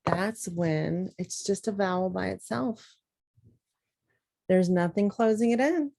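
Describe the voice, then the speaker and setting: A woman's voice: mid-range voice, takes it slowly, vocal fry, a little mellow. A woman giving a patient phonics lesson to teachers, sounding out words as she writes. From Southern US.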